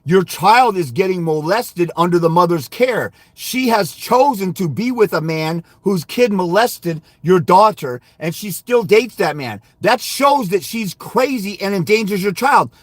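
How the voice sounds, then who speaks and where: On a fathers' rights livestream, the male host launches into an angry, profane, insulting rant while recounting a call with a client. His voice is high-pitched with lively intonation, and he speaks a little slowly with hardly any pauses. There's no echo on the recording.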